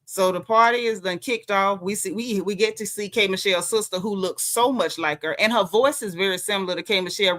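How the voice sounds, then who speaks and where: A Southern woman with a Southern accent hosts a casual livestream recapping a reality show, chatty and emphatic, full of colloquial slang. Her voice is medium-pitched and a bit bright.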